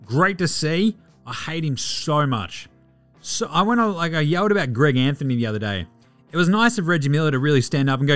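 An Australian man hosting a sports podcast, animated and profane, mocking players with mock outrage. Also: on the high side, brisk, soft background music. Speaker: podcast host.

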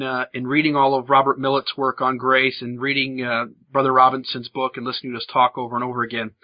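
A man hosting a conversation, speaking haltingly with restarts as he builds his point. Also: mid-range voice, no echo. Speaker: podcast host. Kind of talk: conversational discussion. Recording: dry, slightly dull audio.

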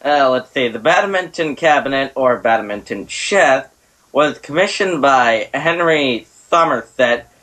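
A man of middle pitch hosts a casual chat show. He reads out trivia with small stumbles and corrections, and he laughs easily between points. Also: animated, unhurried, a bit bright, low-quality recording. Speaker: podcast host.

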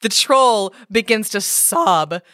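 A woman's voice: medium pitch, expressive, slow pace, pushed and bright, no room sound, clean studio sound. A woman co-hosting a casual chat, reading a storybook parody aloud with wry amusement and frequent laughter. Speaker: podcast co-host reading a story.

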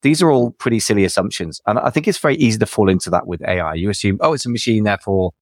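A man hosting a podcast, asking questions and musing in a quick, reflective way with light chuckles. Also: lowish voice, animated, no room sound, clean studio sound. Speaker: podcast host. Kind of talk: casual podcast conversation.

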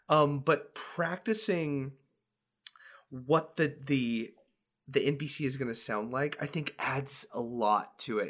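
A man's voice: mid-range voice, a bit bright. A man co-hosting a casual podcast, rambling with lots of fillers and laughing as he talks about running tabletop games. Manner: rambling, filler-heavy, laughs while talking. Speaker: podcast co-host and dungeon master.

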